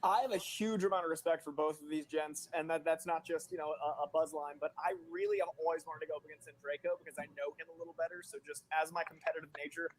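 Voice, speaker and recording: A man speaks as a guest on a video call, quick and somewhat high. He rambles earnestly and starts his sentences over and over. The talk is casual. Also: steady tone, rough recording. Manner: rambling, hesitant restarts, earnest. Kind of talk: casual chat.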